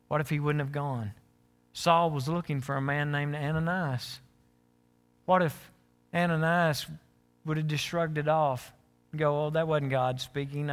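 A man preaching a sermon as pastor, animated, acting out the scripture characters he reads. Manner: animated, acts out scripture characters with rising pitch.

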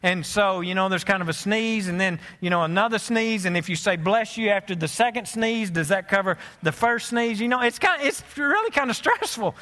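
A man's voice: high voice, expressive, brisk, hardly any pauses, pushed and bright, big-room sound. A man with a Southern US accent preaching a sermon as pastor, folksy and joking, often restarting his sentences. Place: church sanctuary.

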